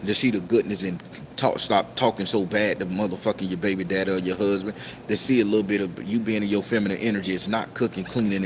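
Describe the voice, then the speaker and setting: A man hosting a casual livestream and reading out viewer comments, talking in a profane, preachy, emphatic way with sudden high-pitched outbursts. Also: background noise. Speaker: tarot reader and livestream host.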